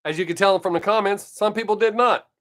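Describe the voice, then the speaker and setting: A man's voice: high voice, fast, a bit bright. An older man, chatting casually on his live stream from home and telling stories bluntly, with plenty of swearing. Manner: profane, blunt storytelling.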